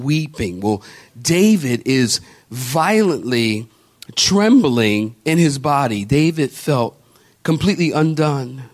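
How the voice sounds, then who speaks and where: Man, pastor, high-ish voice, sermon, repeats for emphasis, calls to the congregation. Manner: preaching with rising emphasis and repetition, calling on the congregation.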